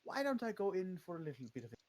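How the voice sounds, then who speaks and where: A man's voice: high voice, big pitch swings, rapid-fire, a little mellow, no echo, pitched above the performer's own voice. A man voicing a sly, hungry male vampire in a tabletop game, wheedling and hesitant. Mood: sly hunger.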